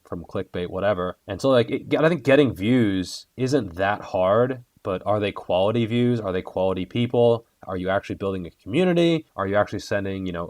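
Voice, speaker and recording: Guy guest ranting bluntly, kinda low voice, swears a lot, dry sound. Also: dry recording. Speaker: guest, fitness content creator. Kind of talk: heated interview talk.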